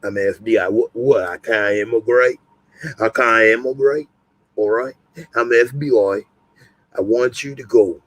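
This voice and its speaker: A man voicing a menacing, foul-mouthed British male vigilante in a low, bullying, clipped delivery. He speaks slowly and the sound is dry and close. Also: fairly bright tone, no echo, low-quality recording. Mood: scheming.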